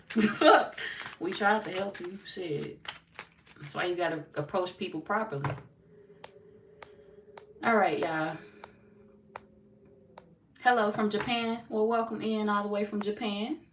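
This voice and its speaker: A woman tarot reader from Missouri, talking loosely to her live chat. She is blunt and joking and swears now and then. She sits back from the mic in an echoey room, with clear noise under her voice. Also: fairly low pitch, a bit bright, distant mic. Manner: blunt, playful, swears freely, laughs often. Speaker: tarot reader hosting a livestream. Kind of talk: casual livestream chat reading viewer comments.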